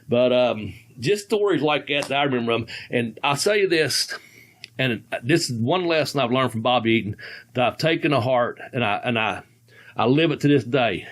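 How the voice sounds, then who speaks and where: A man's voice: mid-range voice, expressive, normal speed. A man in his sixties, a podcast host, telling stories in a rambling, folksy way with frequent chuckles. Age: 60s. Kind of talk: casual storytelling.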